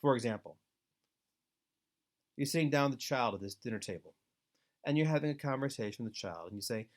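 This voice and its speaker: A man giving an instructional webinar talk to foster parents, earnest and deliberate, with steady advising emphasis. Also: mid-range voice. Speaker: foster care trainer.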